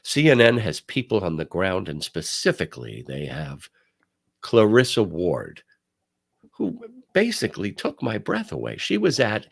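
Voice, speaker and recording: An older man hosting a talk show, telling stories and giving commentary in an emphatic, animated way. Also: low-pitched, gravelly, slightly rough. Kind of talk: casual commentary.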